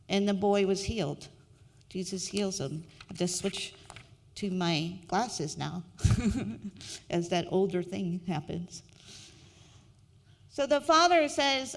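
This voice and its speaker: Middle-aged woman minister, unhurried and reflective, higher voice, sermon heard with a long church echo. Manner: slow, reflective, repeats key phrases. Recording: long hall reverb.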